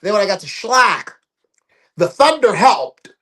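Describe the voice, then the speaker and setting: Man, raspy, high-pitched, animated, acts out quotes, casual interview guest. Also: a little slow. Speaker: ring announcer, guest.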